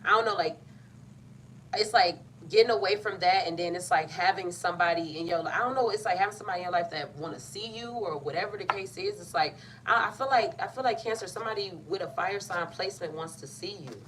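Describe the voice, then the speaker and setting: Her voice is on the low side, fast and a bit bright. The young tarot reader keeps things casual and playful, chatting colloquially and breaking off mid-thought often, while a slightly distant mic picks up faint background noise.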